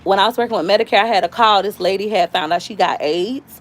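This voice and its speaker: A woman from Florida hosts a casual YouTube live stream, speaking at a quick pace in a mid-range voice. She talks candidly and acts out quoted voices as she tells stories.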